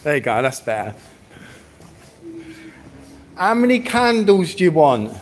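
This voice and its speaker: A man's voice: a little high, big pitch swings, a little slow, slight background noise. A man live-streaming from a public street, talking bluntly and swearing as he rambles through a rant.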